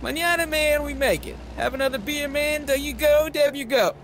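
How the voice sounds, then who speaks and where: A man's voice: extremely high pitch, moderate pace, a bit bright, a little hiss or hum, voice pushed up. A man voicing a happy-go-lucky drunk young man who keeps repeating himself cheerfully, in a read-aloud novel. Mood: boozy cheer.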